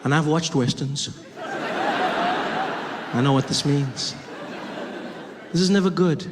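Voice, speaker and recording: A man from Africa, telling an animated stand-up story and acting out scenes. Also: a little high, slow pace, in a large hall, very noisy. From South Africa. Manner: animated, acts out scenes, laughs mid-story. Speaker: stand-up comedian.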